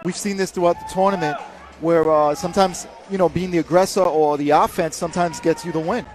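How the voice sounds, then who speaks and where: A man co-hosting live boxing commentary, brisk and upbeat, keeping things moving. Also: a little high, fairly even intonation, a little mellow. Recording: crowd noise at a live event.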